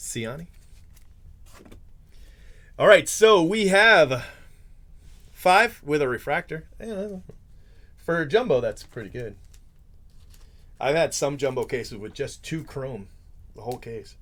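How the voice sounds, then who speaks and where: A man's voice: medium pitch, lively intonation, measured pace, long pauses, fairly bright tone. A man hosting a live card break, chatting casually, joking and tripping over his words as he reads out player names. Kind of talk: casual live-stream chat.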